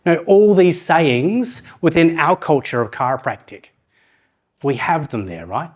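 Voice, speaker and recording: A middle-aged man giving a conference talk, asking the audience questions and slowing down to read proverbs aloud. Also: fairly high pitch, animated. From New Zealand. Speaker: conference speaker.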